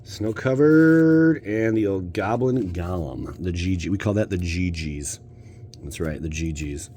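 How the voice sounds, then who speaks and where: American man, fairly low voice, casual card-pack opening chatter, playful, faint hiss behind. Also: animated, measured pace, dark tone. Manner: playful, jokey, talks to viewers. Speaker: channel host opening card packs.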